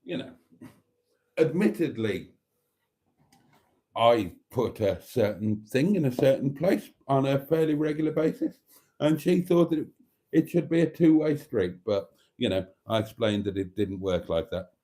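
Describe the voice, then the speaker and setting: British man, livestream host, reads out chat comments, warm mellow tone, jokey banter. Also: medium pitch, lively intonation, unhurried. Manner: reads viewer comments aloud and banters back; chuckling, joking, often clears his throat.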